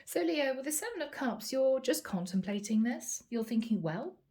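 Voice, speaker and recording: A woman with a fairly high, mellow voice gives a channeled tarot reading. She talks in a calm, reassuring way and speaks straight to the listener. She repeats key phrases to let them sink in. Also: normal speed. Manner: addresses the listener directly by sign. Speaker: tarot reader.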